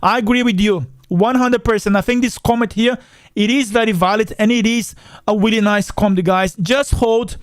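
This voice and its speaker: A man's voice: high-pitched, fairly even intonation, fairly quick, dry recording, studio quality. A man who is not a native English speaker, hosting a finance channel and chatting casually through viewer comments, repeating himself and often calling his viewers "guys". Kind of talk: casual livestream chat reading comments.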